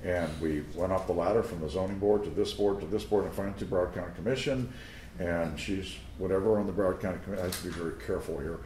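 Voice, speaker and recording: Speaking quickly in a low, slightly mellow voice, a male pastor preaches before a live audience in a teaching room. His sermon is anecdotal, conversational storytelling with asides to listeners, and the room's echo and slight background noise come through.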